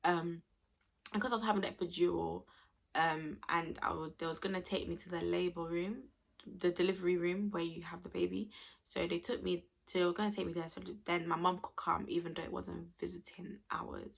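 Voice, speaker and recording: A woman's voice: fairly low pitch, little pitch movement, brisk, vocal fry. A young woman, chatting expressively to camera as she tells a personal story to her viewers. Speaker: vlogger.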